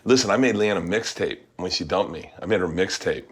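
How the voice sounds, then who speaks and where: Low-voiced man host telling loud stories. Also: brisk, slightly rough. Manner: loud, laughing storyteller. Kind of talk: casual kitchen chat.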